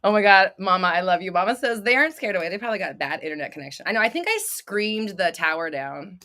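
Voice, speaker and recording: A woman's voice: mid-range voice, quick pace, pushed and bright. A woman in her thirties hosting a livestream, answering viewers' questions with blunt, swearing, dramatic outbursts and laughter. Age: 30s. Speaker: host.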